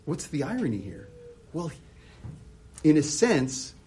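Male preacher, lively pitch, husky tone, rhetorical and conversational, restarts a lot. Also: slow pace. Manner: animated, rhetorical questions, frequent restarts. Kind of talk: expository sermon.

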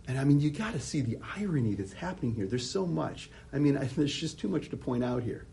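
A man's voice: mid-range voice, lively intonation, brisk, creaky, dark tone, slight background noise. A man preaching an expository sermon, asking many rhetorical questions and often restarting his sentences.

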